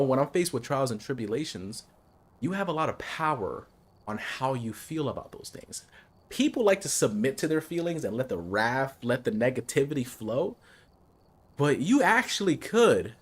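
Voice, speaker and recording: A man streaming a game, chatting casually with viewers and giving calm life advice. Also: mid-range voice, breathy edge. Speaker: gaming streamer.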